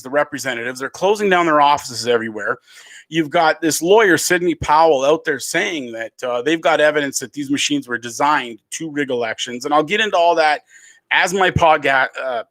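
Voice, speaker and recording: This Canadian man hosts a casual solo livestream podcast from a room at home, speaking in a mid-range, slightly bright voice. He rambles with many fillers and restarts and gets heated as he goes. The recording is dry.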